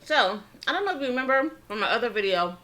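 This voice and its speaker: A woman's voice: fairly high pitch, lively intonation, fairly bright tone. Chatty woman telling a story between bites. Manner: chatty, acts out quoted dialogue; pauses to spell out words. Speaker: channel host telling a history story. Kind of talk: casual story time while eating.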